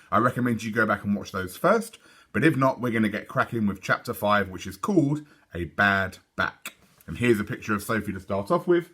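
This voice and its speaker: A man reading a children's book aloud as a storyteller. His voice is bright and lively, rising and falling a lot to keep young listeners hooked. He sits at a plain middle pitch. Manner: lively and expressive. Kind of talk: children's read-aloud narration.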